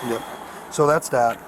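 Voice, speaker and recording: A man's voice: medium pitch, gravelly. A man, a police officer, briefs a colleague outdoors in a matter-of-fact way. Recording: body cam audio with street noise.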